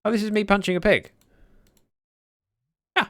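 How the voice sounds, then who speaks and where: During casual chat on his game livestream, a man from Britain reads viewers' messages aloud, poking fun at himself with dry humour. He speaks at a normal speed in a high-sitting, somewhat bright voice with fairly even intonation.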